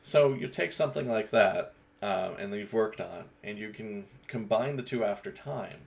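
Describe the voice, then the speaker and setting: Male gaming host who rambles casually, low and gravelly. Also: normal speed. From Eastern Canada. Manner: rambling, with frequent restarts and fillers. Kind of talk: casual monologue.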